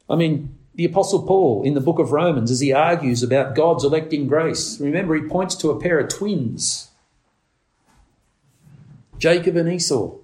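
A man preaching a sermon, leaning on words slowly for emphasis and climbing to urgent, raised passages. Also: darkish tone. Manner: preaching with slow emphatic stresses, rising to urgent highs.

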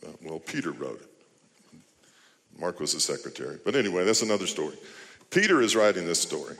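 A man's voice: deep voice, very animated, a little fast, a bit bright. Man preaching in a reverberant hall. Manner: rhetorical questioning, rising to emphatic appeals. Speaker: pastor. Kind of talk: sermon.

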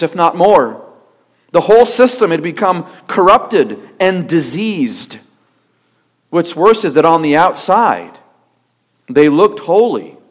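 A male pastor preaching a sermon with emphatic delivery, rhetorical questions and steady repetition. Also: high-pitched.

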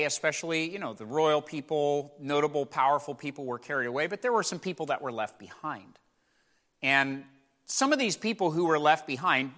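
A man preaching a sermon as pastor, retelling a scripture story with animated voicing of the people in it. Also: a little high. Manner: animated, rising loud when voicing the people. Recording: hall reverb.

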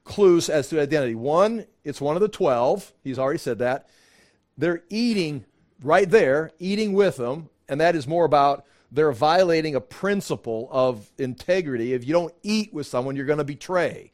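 A man teaching a Bible study class in a relaxed, conversational way, often restarting his sentences and acting out quotes. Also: a little high, moderate pace.

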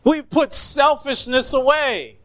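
A man preaching a sermon, slow and emphatic, pleading with rhetorical questions. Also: very high voice, a bit bright. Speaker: pastor.

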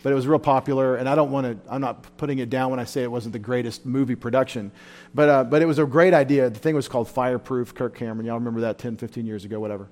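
Male pastor, sermon delivery, fervent and emotional, surges loud then drops low. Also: steady tone, fast talker. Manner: fervent, emotional preaching with sudden loud rises. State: tired. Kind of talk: sermon at a Bible study.

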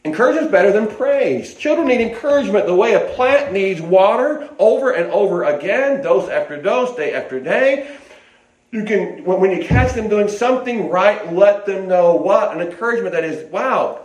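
A man's voice: high-pitched, expressive, moderate pace. An older man preaching a sermon in a folksy, rambling way, with restarts and asides, in an echoey hall.

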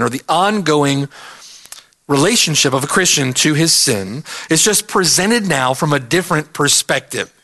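A man's voice: on the high side, pushed and bright. A man preaching an expository sermon in an emphatic, earnest way, repeating his key points for stress.

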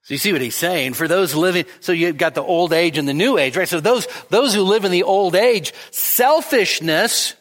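High-voiced pastor preaching in reverb. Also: male voice, normal speed, hardly any pauses, fairly bright tone. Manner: emphatic, rises sharply on quoted lines. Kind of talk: expository sermon. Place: church sanctuary. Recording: long church reverb.

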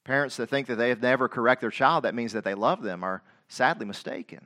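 A middle-aged male pastor preaching a sermon, asking the congregation direct questions, repeating phrases and rising to loud, emphatic scripture quotations. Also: mid-range voice, fast.

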